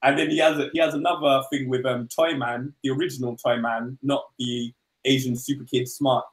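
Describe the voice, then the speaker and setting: A man's voice: mid-range voice, steady tone, moderate pace, reverberant. A man co-hosting a comic book podcast, rambling casually and acting out dialogue in goofy voices. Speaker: podcast co-host.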